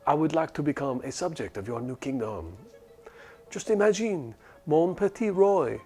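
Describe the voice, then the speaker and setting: A man's voice: medium pitch, animated, moderate pace, darkish tone, soft background music, lightly acted. A man voicing a flamboyant male fashion designer in a game, with a clumsy mock French accent. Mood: gushing.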